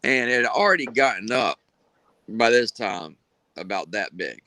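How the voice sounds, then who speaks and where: A man's voice: medium pitch, expressive, normal speed, bright, forceful tone, no room sound, rough recording. A man, telling a long story casually on a live stream with plenty of fillers and restarts. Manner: drawling, rambling with many fillers and restarts.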